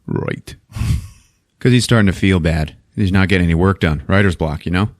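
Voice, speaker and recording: A man's voice: sits low, normal speed, dry recording, studio quality. A man casually recapping a movie plot on a podcast, laughing often and acting out the characters' lines, with some swearing. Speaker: podcast host.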